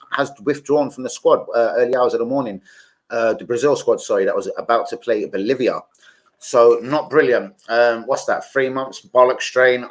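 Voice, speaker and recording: A man's voice: mid-range voice, poor audio. A middle-aged man hosts a loose, rambling live stream. He talks in casual slang with the odd swear word and keeps breaking off to greet viewers by name. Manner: chatty, gives shout-outs to viewers. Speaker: football fan livestreamer.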